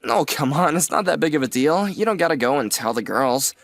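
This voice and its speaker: A man playing a sincere young man who teases his aunt gently and thanks her earnestly. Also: a little high, animated, brisk, creaky, no room sound. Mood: apologetic. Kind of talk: audio drama acting.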